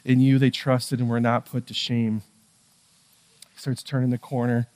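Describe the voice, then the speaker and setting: A man preaching a sermon in a conversational way, moving between hushed, quiet passages and raised, emphatic ones. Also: mid-range voice, normal speed. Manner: conversational, with fillers and asides. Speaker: pastor.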